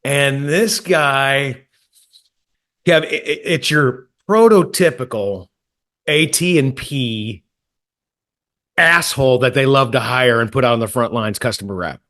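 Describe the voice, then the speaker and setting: A man's voice: mid-range voice, measured pace, sharp tone. A man from Texas co-hosting a podcast, telling a profane, rambling story with stammering restarts. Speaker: podcast co-host. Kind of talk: casual storytelling chat.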